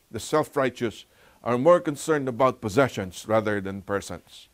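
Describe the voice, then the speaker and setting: A man teaching a Bible lesson in a conversational way, asking rhetorical questions and laughing often. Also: fairly low pitch. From Philippines. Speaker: Sabbath school teacher.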